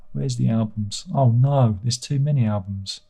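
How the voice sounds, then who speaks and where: A livestream host with a mid-range, husky voice and vocal fry talks slowly. He reads out viewer comments in a rambling, self-deprecating way, swearing casually.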